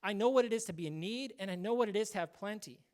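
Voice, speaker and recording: A man's voice: high voice, fast talker, a little mellow. A male pastor giving a casual, conversational sermon, acting out short quoted voices now and then.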